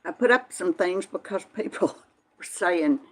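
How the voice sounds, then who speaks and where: Older lady on a live chat, kinda low voice, folksy, says hi to folks by name. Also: expressive, measured pace. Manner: chatty, answers viewers by name, folksy. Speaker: vlog host reading live chat. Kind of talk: casual live-stream chat.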